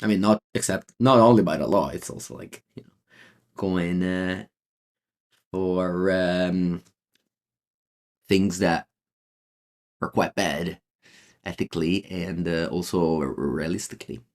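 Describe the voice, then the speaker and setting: Italian-accented male streamer, low voice, rambling game commentary full of ums. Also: takes it slowly, long pauses. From Italy. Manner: rambling, many fillers and restarts. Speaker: streamer playing a card game. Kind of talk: casual gameplay commentary, answering chat.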